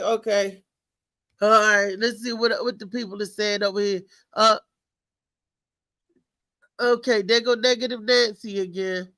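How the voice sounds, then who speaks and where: A woman hosting a live talk show, chatting in a lively, slangy way and laughing often. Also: medium pitch, dry recording, poor audio. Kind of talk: casual live show chat.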